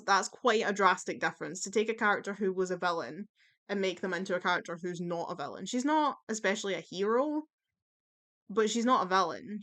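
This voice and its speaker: A woman's voice: mid-range voice, fairly bright tone. A woman talking casually in a tier-list video, chatty and opinionated, with plenty of fillers and the odd swear word. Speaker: YouTube commentator.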